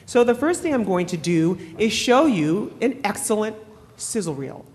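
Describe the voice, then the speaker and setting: A woman's voice: medium pitch, sing-song, normal speed, darkish tone. A woman moderating a panel at a conference, upbeat and playful. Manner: upbeat, playful, self-described geek. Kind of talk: lively panel presentation. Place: conference hall with audience. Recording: reverberant hall, crowd noise.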